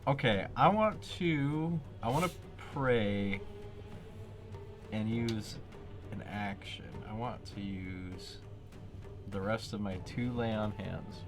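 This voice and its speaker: Slow, hesitant male player. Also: lowish voice. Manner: hesitant, with pauses and many hums. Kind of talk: tabletop role-play. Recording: music clearly behind.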